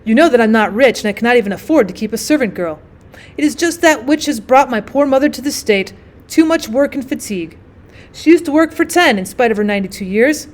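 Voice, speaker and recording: A woman's voice: on the high side, expressive, brisk, close to an everyday voice. A woman voicing a stingy, hesitant peasant man in a storybook reading, stammering and wheedling.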